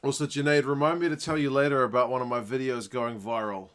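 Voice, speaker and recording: A man with a New Zealand accent hosting a casual rugby watchalong stream, chatting with viewers and getting excited at big plays. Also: mid-range voice, fast. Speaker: livestream host.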